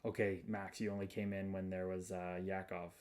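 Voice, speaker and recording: A man's voice: deep voice, little pitch movement, moderate pace, darkish tone. A man hosting a casual livestream, greeting viewers by name and reading their comments in an upbeat, spiritual way. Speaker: livestream host.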